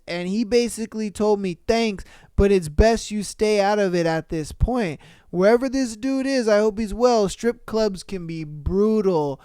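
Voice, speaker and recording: A podcast host casually reading listener comments aloud, with profane, animated slang and frequent laughter, close to the mic. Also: mid-range voice, clean tone, no echo.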